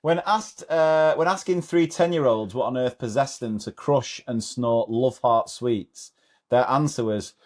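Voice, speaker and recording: A man's voice: medium pitch, a little slow, a little mellow. Man reading funny stories, laughing. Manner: amused, often breaks into laughter while reading. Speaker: host reading out a thread of teacher stories. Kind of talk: casual reading of funny anecdotes.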